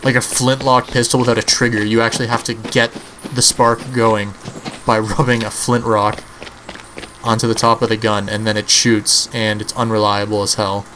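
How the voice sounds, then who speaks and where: A man's voice: lowish voice, little pitch movement, moderate pace, sharp tone, slight background noise, poor audio. Young man in rambling game commentary. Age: early 20s. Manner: rambling, profane, offhand. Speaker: gaming channel host. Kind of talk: casual gameplay commentary.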